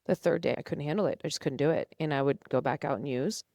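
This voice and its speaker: A woman's voice: low-pitched, fast talker, darkish tone, no room sound, clean studio sound. A young woman, a podcast guest, telling her personal story earnestly and emotionally, acting out past conversations. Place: studio.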